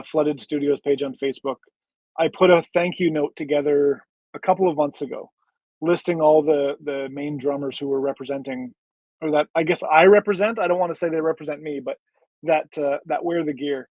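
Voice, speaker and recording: Slightly high-voiced man, dry close sound. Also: fairly even intonation, a little mellow, no room sound, rough recording. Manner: halting, full of filler words. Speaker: podcast guest, small business owner. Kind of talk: casual podcast chat.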